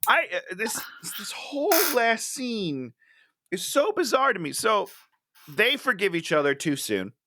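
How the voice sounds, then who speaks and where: A man's voice: sits high, very animated, unhurried, noisy background. A man co-hosting a casual movie-review chat, mocking the film and mimicking its characters in exaggerated voices. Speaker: podcast co-host.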